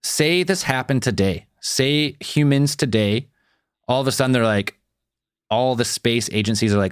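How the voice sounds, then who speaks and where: A man's voice: mid-range voice, clean tone, dry recording, clean studio sound. A man co-hosting a podcast, rambling and swearing freely in casual chat. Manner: rambling, swears, quick to joke. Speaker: podcast co-host.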